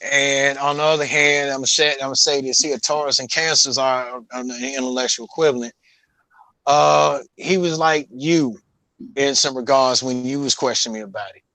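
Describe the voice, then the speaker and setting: A man's voice: medium pitch, fairly even intonation, moderate pace, pushed and bright, dry recording, rough recording. A man casually and profanely telling a rambling story about his late father, with many restarts. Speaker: guest.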